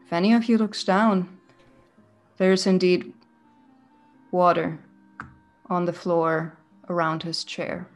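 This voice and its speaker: Woman GM, slow and atmospheric, lowish voice, faint music underneath. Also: little pitch movement. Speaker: game master. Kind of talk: narrating a tabletop game.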